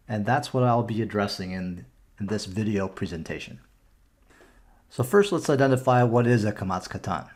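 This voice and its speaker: A man's voice: medium pitch, slightly rough. Patient Canadian man explaining step by step. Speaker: bar mitzvah tutor. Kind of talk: screen-recorded lesson. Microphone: computer mic for a screen recording.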